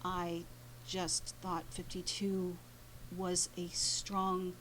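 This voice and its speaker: A woman painter, a guest in an interview, telling a story in a halting way, with many pauses and restarts. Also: lowish voice, monotone, a bit bright, a little hiss or hum, low-quality recording.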